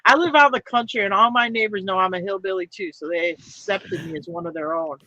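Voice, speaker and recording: A man's voice: sits high, fast talker, bright, forceful tone. A man in casual political chat, teasing and laughing easily. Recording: dull dry recording.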